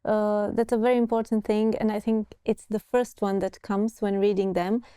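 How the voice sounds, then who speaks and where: A woman's voice: mid-range voice, level tone, moderate pace, warm tone, smooth, dry recording, studio quality. A woman from Romania hosting an interview, giving brief affirmations and reflective remarks. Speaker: podcast host.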